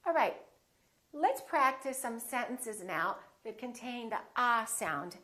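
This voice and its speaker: Slow, deliberate American woman teacher. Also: fairly high pitch, expressive, a bit bright. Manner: slow and deliberate, demonstrating vowel sounds. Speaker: pronunciation teacher. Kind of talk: scripted pronunciation lesson.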